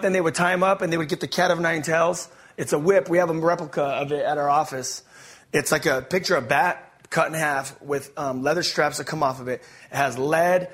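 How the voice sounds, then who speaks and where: A man giving an energetic, slang-filled testimony to an audience, stumbling and restarting as he tells his story. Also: on the high side. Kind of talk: testimony preaching to a live audience.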